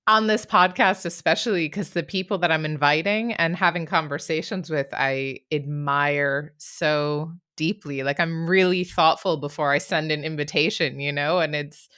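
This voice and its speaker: A woman's voice: sits low, steady tone, normal speed, few pauses, pushed and bright, clear, resonant tone. A woman hosting a podcast interview, chatty and reflective, laughing often. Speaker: podcast host.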